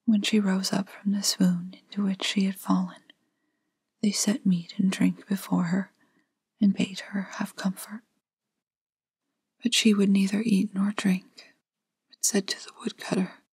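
A woman reads an old fairytale in a gentle whispered role-play meant for sleep. Her whisper is airy and breathy, slow and evenly level. The sound is close and dry, with no room in it. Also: medium pitch, level tone, dry recording. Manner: gentle, unhurried storybook reading. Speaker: storyteller.

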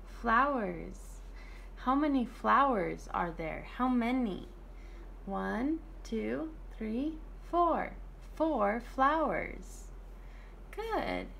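A woman leads a small child through shapes and counting in an online preschool lesson. She speaks very slowly, with a fairly high voice that rises and falls a lot. Faint room noise sits under her voice. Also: animated, creaky, a bit bright. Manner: slow, sing-song teacher talk with counting and praise. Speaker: teacher.

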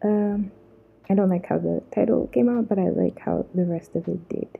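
Speaking at a medium pitch with a gravelly, slightly breathy voice, this Zambian vlogger talks over her own footage in a loose, joking way, poking fun at herself and stretching out slangy asides. Her mic has a muffled, phone-like quality.

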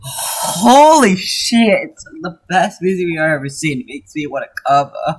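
A man on a voice call in rowdy banter, ranting loudly with curses and breaking into sing-song bits. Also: a little high, big pitch swings, moderate pace, slightly rough. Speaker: livestream voice-chat guest.

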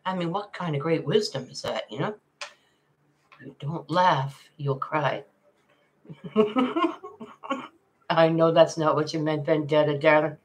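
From her home, an older woman hosts a casual livestream, speaking in a low voice at an unhurried pace. Chatty and quick to laugh, she reads through viewers' comments and calls them darling.

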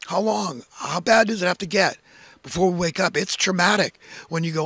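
Man, impassioned preachy monologue, dry close sound, raspy edge. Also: sits high, normal speed, a bit bright, no room sound. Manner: preachy, emphatic, rhetorical questions. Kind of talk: impassioned social commentary monologue. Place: in California.

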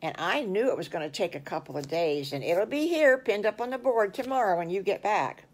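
A woman's voice: medium pitch, lively intonation, a little fast. An older woman telling her own made-up story to children, folksy and full of little exclamations. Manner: folksy, exclaiming "oh my goodness gracious". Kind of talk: improvised children's story narration.

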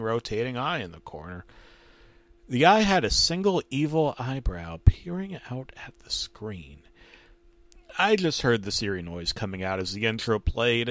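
A man narrates a horror story in a deadpan, scripted delivery. His voice sits on the lower side and sounds dry and close, with no room echo.

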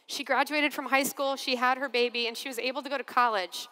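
Nun telling stories to a big arena, high bright voice, long hall echo, lots of laughs and acted-out quotes. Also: female voice, a little fast, few pauses. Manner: expressive, acts out quotes, laughs often. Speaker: religious sister giving a keynote. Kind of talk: animated storytelling talk. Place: large convention arena.

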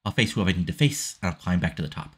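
A man's voice: sits low, animated, rapid-fire, husky. A man reading out the lines of a determined young female wrestler, earnest and pleading.

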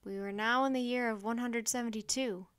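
A woman voicing a wise, calm Roman emperor, speaking in a slow, measured, stately way. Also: fairly high pitch, clean tone, close to an everyday voice. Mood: grave.

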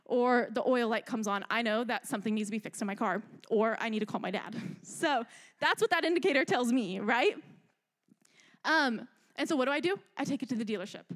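A young adult woman delivers a youth sermon with a fairly high voice. She talks in an animated, chatty way and keeps checking in with her listeners. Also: fairly quick. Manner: animated, chatty, asks "right?" a lot. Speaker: youth speaker.

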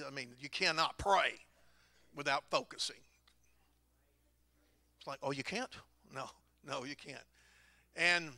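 Folksy preacher with a gravelly voice. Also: male voice, fairly high pitch, sharp tone, no echo. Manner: folksy storytelling, laughs at own stories. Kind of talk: testimony sermon. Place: church sanctuary.

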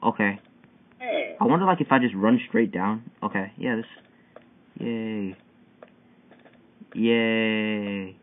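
An excitable young gamer provides gameplay commentary, yelping and whining whenever he fails. He speaks at medium pitch and normal speed through a tinny, phone-like mic with a faint hiss.

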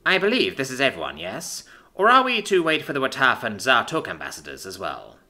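A woman's voice: very deep voice, wildly swooping pitch, a little fast, sharp tone, full character voice. A man voicing a stern, authoritative woman president in her forties. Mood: dry. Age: 40s.

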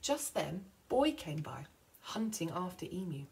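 A woman teacher reading a picture book aloud to children, slowing down for effect. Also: fairly low pitch, gravelly, rough recording. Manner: expressive storytelling, slowing for effect.

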